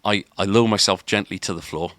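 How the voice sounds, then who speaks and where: A man's voice: deep voice, steady tone, quick pace, fairly bright tone, no echo. A man, a podcast co-host, telling a long story in casual chat, rambling with restarts and filler words.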